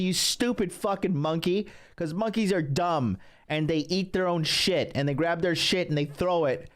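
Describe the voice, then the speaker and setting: A man with a somewhat high voice hosts his own livestream as a dating coach. He rants in a loose, profane, boastful monologue, often restarting his sentences.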